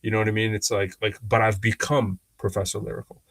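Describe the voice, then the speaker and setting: A man's voice: on the low side, quick pace, vocal fry, no room sound. A man co-hosting a talk show, speaking in casual, rambling storytelling with many restarts and acting out other people's lines in shifting voices. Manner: animated, acts out quoted people in changing voices; rambling with frequent restarts and fillers. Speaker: podcast co-host.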